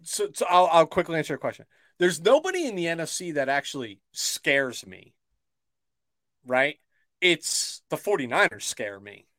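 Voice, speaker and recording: Cautious man talking sports, slightly high. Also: sing-song, fairly bright tone, no echo. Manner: measured, cautious, filler-heavy. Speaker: podcast co-host. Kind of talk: casual sports chat.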